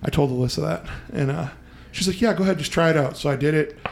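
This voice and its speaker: Man, podcast host, fairly high voice, casual, swears a lot, acts out quotes. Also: quick pace, vocal fry, slight background noise. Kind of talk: casual storytelling.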